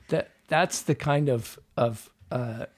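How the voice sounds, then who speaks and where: A man's voice: mid-range voice, drawn-out words. A man, a dialect coach, patiently explaining how accents work in an interview and sounding out examples.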